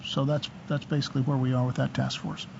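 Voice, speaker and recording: Gravelly man chairing a meeting. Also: mid-range voice, little pitch movement, fast, darkish tone, muffled recording, slight background noise. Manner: hesitant, filler-heavy. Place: meeting room.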